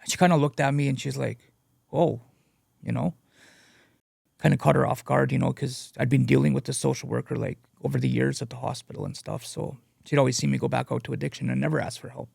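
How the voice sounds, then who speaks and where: A man sharing his addiction recovery story as a guest speaker. He talks in a halting, earnest way and leans on "you know" a lot. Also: mid-range voice, fairly even intonation, vocal fry, darkish tone, husky, no echo, studio quality. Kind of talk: personal testimony, casual storytelling.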